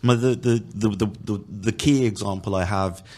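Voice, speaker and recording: A man's voice: on the low side, moderate pace, a little mellow. A man talking hesitantly as a guest on a football podcast, restarting his sentences often. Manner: hesitant, with many restarts and fillers. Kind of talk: casual football podcast discussion.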